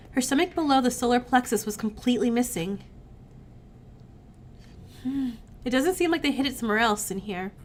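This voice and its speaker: A woman's voice: on the high side, a little hiss or hum. A woman streamer with a sick-sounding voice, chatting casually and reading game text aloud as she plays. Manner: chatty, reacts with sighs and groans between read lines. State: recovering from illness, sick-sounding voice. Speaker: let's play streamer.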